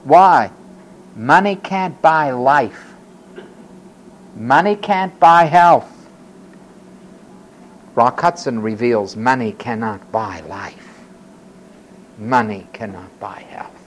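A man's voice: medium pitch, extremely slow, long pauses, low-quality recording. A man preaching a sermon, who acts out the voices of the people he quotes.

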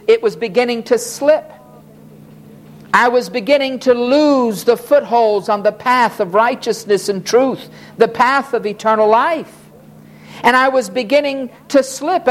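A preacher giving a sermon, emphatic and dramatic in delivery. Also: medium pitch.

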